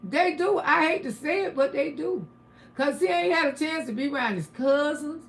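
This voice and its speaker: Gravelly high-voiced older woman. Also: animated, moderate pace, slight background noise. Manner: preachy, blunt, swings into loud shouting. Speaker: livestream host. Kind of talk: casual livestream commentary, reading chat.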